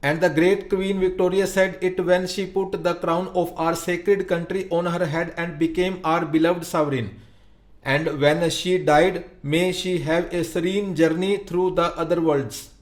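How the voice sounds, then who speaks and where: A man's voice: high-pitched, steady tone, measured pace. A man reading the part of an old traditionalist villager giving a solemn speech. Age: older. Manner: solemn, preaching.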